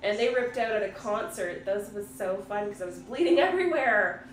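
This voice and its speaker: A woman's voice: medium pitch, big pitch swings, brisk, a little hiss or hum. A woman in her thirties from Ontario, hosting a casual livestream chat, swearing freely and reading out viewer comments. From Ontario, Canada. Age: 30s. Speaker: livestream host. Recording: roomy room, distant mic, music behind.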